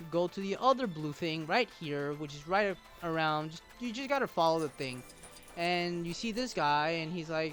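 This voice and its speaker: A man's voice: on the high side, normal speed, fairly bright tone. A man giving exasperated, self-mocking gameplay commentary, mixed with his own put-on voices for game characters. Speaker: gaming YouTuber. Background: game music.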